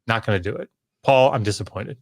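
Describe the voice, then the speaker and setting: A man on a podcast, talking with heated, exasperated emphasis. He sighs, repeats himself, and breaks off mid-sentence as his frustration spills over. His voice sits at a middling pitch. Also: a little fast, gravelly. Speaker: podcast co-host. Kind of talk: heated casual discussion.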